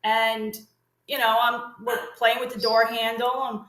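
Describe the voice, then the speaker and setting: A woman's voice: a little high, level tone, measured pace, fairly bright tone, reverberant, poor audio. A middle-aged woman telling long casual stories as an interview guest, rambling with fillers and restarts. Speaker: guest, parrot consultant. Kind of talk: casual storytelling chat.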